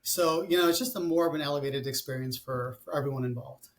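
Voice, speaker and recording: A man's voice: medium pitch, fast talker. A man in his forties, a company founder talking about his business in a casual interview, rambling with many fillers and restarts. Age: 40s.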